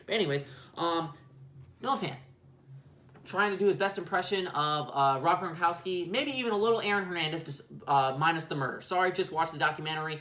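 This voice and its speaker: A man's voice: fairly high pitch, a little fast, bright, forceful tone, echoey room. A man hosting a casual sports video, rambling and swearing with lots of fillers. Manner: rambling, profane, with many fillers.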